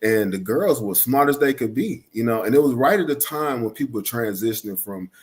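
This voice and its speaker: A man's voice: mid-range voice, lively intonation, brisk. A middle-aged man from Atlanta, a school principal talking as a guest and telling stories in a reflective way, full of "you know" and "right?". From Atlanta, Georgia. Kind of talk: casual podcast conversation.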